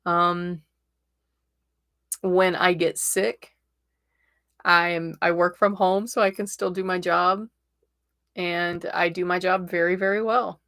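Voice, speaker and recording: Slow-talking chatty woman with gravelly voice. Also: fairly low pitch, fairly even intonation, fairly bright tone, no echo, studio quality. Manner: chatty, rambling, laughs often. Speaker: tarot reader and livestream host. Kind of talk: casual livestream chat.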